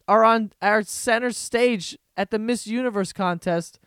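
A man's voice: sits high, unhurried, fairly bright tone, smooth, no room sound, studio quality. A man hosting a solo podcast, telling stories in a rambling, profane, laughing way. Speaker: podcast host. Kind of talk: casual solo podcast rant.

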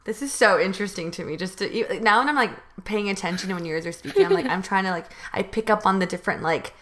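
A woman's voice: medium pitch, lively intonation, fast, a bit bright, a little hiss or hum. An American woman co-hosting a podcast, rambling casually with lots of fillers. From United States. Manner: rambling, many "like" fillers and restarts. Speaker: podcast co-host. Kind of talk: casual chat.

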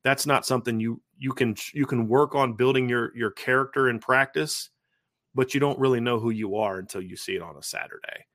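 A man's voice: medium pitch, fairly quick, fairly bright tone, no echo, studio quality. A man co-hosting a football podcast, giving casual, emphatic analysis and often restarting his sentences. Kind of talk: casual sports analysis chat.

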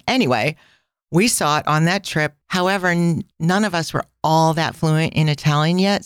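A woman's voice: low voice, smooth, no room sound, studio quality. A woman hosting a casual travel podcast, telling stories in a chatty way with tangents and asides. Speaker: podcast host.

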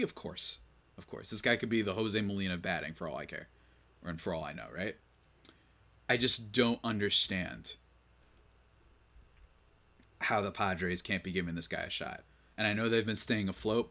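A man hosting a casual sports podcast, opinionated and quick to rant in exasperation, running on little sleep. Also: lowish voice, a bit bright. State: short on sleep. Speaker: podcast host.

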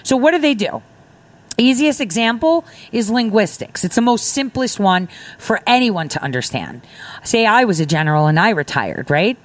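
Very animated and at a moderate pace, this medium-pitched woman speaks without echo. As a defense contractor on a political talk radio show, she rambles emphatically and dramatizes quoted exchanges while explaining.

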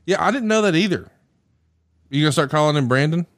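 A man's voice: fairly high pitch, lively intonation, quick pace, fairly bright tone, no echo, studio quality. A man from the American South hosting a podcast, teasing his co-host and laughing often in casual banter.

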